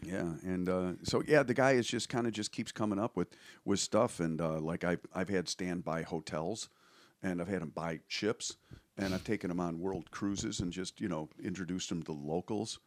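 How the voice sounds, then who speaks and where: A man's voice: low-pitched, normal speed, no room sound. A man in his forties, a comedian guest chatting casually, joking and laughing often as he rambles. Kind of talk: casual comedy podcast chat.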